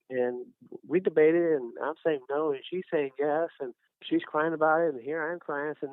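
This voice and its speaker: A man's voice: a little high, moderate pace, clean tone, no room sound. A middle-aged man talks through his faith story in a loose, rambling way, full of restarts and fillers. His voice comes through thin and phone-like, with no room sound at all. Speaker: guest, small business owner. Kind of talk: casual faith testimony. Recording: dry, tinny phone-like sound.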